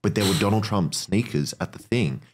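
A man's voice: fairly low pitch, a little fast, slight background noise. A man co-hosting a podcast, telling a story in laid-back casual chat. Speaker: podcast co-host.

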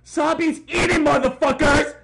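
A woman hosting a comedic reaction video, loud and incredulous, swearing and exclaiming, dropping to a low voice and jumping back high for the jokes. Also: fairly even intonation, moderate pace, vocal fry. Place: at home. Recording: noisy home recording.

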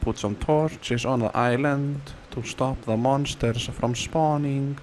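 A man casually commenting on his game, playful and sing-song, now and then squealing words in a high silly voice. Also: fairly even intonation, slow pace, a little mellow, a little hiss or hum. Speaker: gamer.

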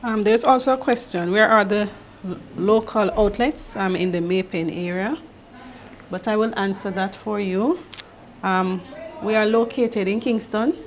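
A woman's voice: mid-range voice, a little hiss or hum. A woman moderating an online presentation, reading out viewer questions and contact numbers in a businesslike way. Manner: businesslike, reads numbers slowly and carefully.

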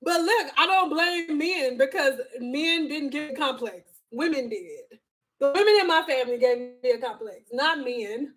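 A woman's voice: high voice, measured pace. A woman in her thirties chatting casually as a vlogger, telling stories in a frank, profane, joking way and acting out the people she quotes. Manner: animated storytelling with acted quotes. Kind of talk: casual chat.

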